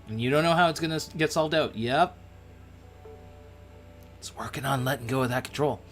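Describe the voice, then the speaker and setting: Playful, animated man teaching scripture. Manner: playful, animated, jokey asides and sudden pitch jumps. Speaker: livestream host teaching the Bible. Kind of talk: casual devotional teaching on a livestream.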